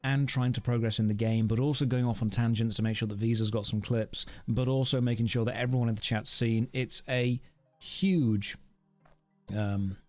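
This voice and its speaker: Uk guy streaming a game, just rambling at his chat, wry and a bit self-mocking, mid pitch, streamer desk mic. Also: steady tone, normal speed, darkish tone, faint music behind. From United Kingdom. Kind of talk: casual live-stream chat while gaming.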